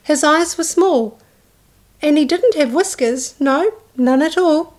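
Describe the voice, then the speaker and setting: Childcare storyteller: high-voiced woman, reads a picture book slowly, acts out each character. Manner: slow, expressive, doing voices for characters.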